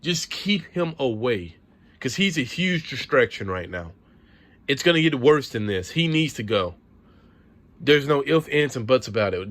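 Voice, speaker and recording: This clip has a sports vlogger fuming to the camera, cursing and circling through the same complaints. He has a mid-range voice with a slight brightness.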